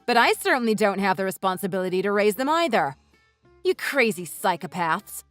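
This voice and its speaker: A woman voicing a furious wife in a text-message story, who talks in a sharp, sarcastic, cutting way. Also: medium pitch, lively intonation, fairly quick, no room sound, soft background music, lightly acted. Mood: scornful. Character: furious wife confronting her in-laws.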